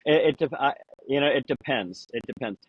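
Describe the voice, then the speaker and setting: A man in a casual podcast conversation, rambling through anecdotes with lots of "you know" and acting out quoted lines in a higher voice. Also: a little fast, slightly rough, muffled recording. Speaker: podcast guest.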